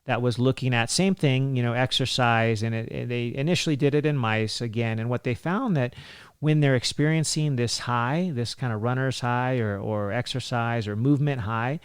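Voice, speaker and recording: A man's voice: medium pitch, moderate pace, clean tone, dry recording, studio quality. A man in his forties hosting a health podcast, talking casually with lots of fillers and laughs. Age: 40s. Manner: chatty, laughs often, many fillers. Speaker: physician podcast host.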